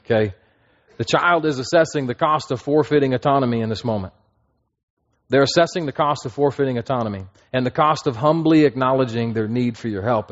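Guy preaching a sermon, chatty, keeps checking ppl are following, mid pitch, kinda dull sound. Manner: conversational, checks in with listeners often. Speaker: pastor.

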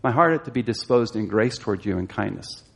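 A man's voice: fairly low pitch, lively intonation, brisk, gravelly, breathy edge. A man teaching a Bible study class, explaining a passage and asking his listeners questions, growing emphatic as he exhorts.

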